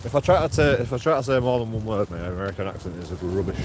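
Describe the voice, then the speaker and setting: A man's voice: mid-range voice, lively intonation, brisk. A man vlogging as he walks outdoors. He rambles, swears, jokes and laughs at himself while talking to his viewers. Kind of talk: casual walking vlog, talking to viewers. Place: outdoors, walking through streets and a graveyard. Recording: loud wind noise on an outdoor mic.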